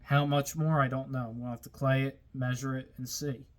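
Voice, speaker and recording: A man's voice: mid-range voice, little pitch movement, normal speed. A man hosting his own car-building videos, talking casually to viewers in a plain-spoken way that gets a little worked up. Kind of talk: casual workshop talk to viewers.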